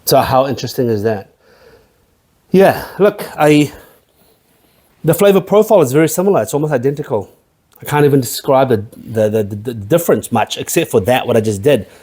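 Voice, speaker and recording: Man, casual tasting review, chatty, rambling, jokey asides, soft dark tone. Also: medium pitch, expressive, fairly quick. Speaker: host of a spirits review channel.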